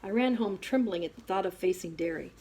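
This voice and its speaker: A woman reading a first-person novel aloud as an audiobook, with expressive storytelling. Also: fairly low pitch, brisk, slight background noise. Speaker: audiobook reader.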